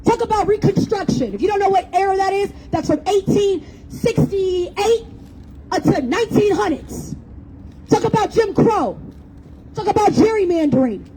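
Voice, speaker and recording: High, mellow-voiced woman giving a blunt rally speech. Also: animated, normal speed, slight background noise, rough recording. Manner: blunt, profane and mocking, with jokes. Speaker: rally speaker. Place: outdoor public rally in a city square.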